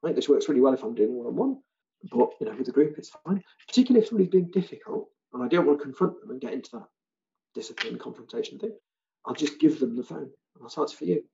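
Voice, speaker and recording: British man, gravelly mellow voice, animated teacher trainer, online seminar, dull lo-fi call audio. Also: a little high, quick pace, a little hiss or hum. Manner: animated, acts out students' and callers' lines.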